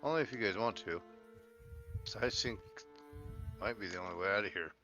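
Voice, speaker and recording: Guy player in a tabletop game, super bright voice, cusses a lot, kinda muffled mic. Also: lowish voice, a little fast, soft background music. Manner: emphatic, swears freely. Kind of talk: casual tabletop game banter.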